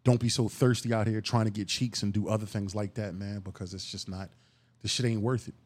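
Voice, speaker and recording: A man's voice: on the low side, steady tone, brisk, a little mellow. Profane, emphatic Philly man on a podcast. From Philadelphia. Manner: profane, emphatic street talk with rising outbursts. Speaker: podcast host. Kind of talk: casual solo podcast monologue.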